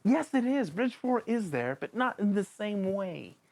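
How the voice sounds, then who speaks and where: Excitable book reviewer, lively voice swooping up and down, playful slang, casual vlog talk. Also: a little slow. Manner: excitable and jokey, with big swings in pitch; addresses the author and characters directly, playful slang. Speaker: book reviewer and channel host.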